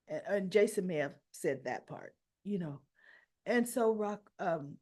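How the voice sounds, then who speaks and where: A woman's voice: lowish voice, animated, measured pace, mellow. A woman retelling a soap opera episode in a chatty, casual way, often adding "you know" and "right?".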